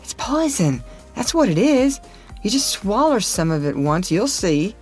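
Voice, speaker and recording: Lady reading as a jumpy boy, high and breathless, hushed whispers, bit of soft music behind. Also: very animated, measured pace. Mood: urgent. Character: scared excitable boy adventurer.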